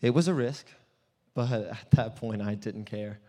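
An actor playing an earnest, desperate blind male beggar in a dramatic first-person monologue, swinging between hushed and loud storytelling. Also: lowish voice, measured pace, close to an everyday voice. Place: church hall. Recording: long church hall reverb.

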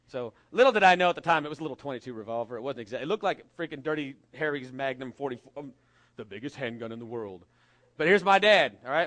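A middle-aged man from California preaching a sermon, telling a lively story with jokes and acting out the voices of the people in it. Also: medium pitch. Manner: storytelling, animated and jokey, acts out voices. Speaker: pastor.

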